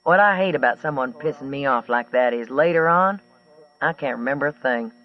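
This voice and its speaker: A man reading an audiobook, voicing a rough, brawling woman trucker with a twangy drawl who talks blunt and profane. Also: mid-range voice, a little fast, distant mic, dull audio, lightly acted. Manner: blunt, profane, matter-of-fact.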